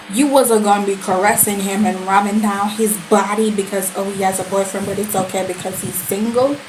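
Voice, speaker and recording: A woman giving a casual, animated and sassy review of a series, full of slang and quoted reactions. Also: medium pitch, moderate pace, noisy background.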